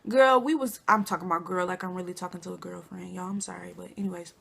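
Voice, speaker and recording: A young woman from Flint, Michigan, telling a storytime to her viewers in a chatty, animated way. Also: fairly low pitch, fast talker, gravelly, slightly rough. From Flint, Michigan, USA. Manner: chatty, addresses viewers as y'all and girl, animated quotes. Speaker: vlogger. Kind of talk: casual storytime.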